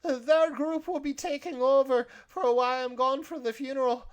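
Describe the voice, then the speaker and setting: Brief: a man putting on a sweet, fussing male cook in a tabletop game, high and coddling, calls everyone dear. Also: fairly even intonation, normal speed, clean tone. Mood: doting. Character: kindly fussy male cook, doting and warm.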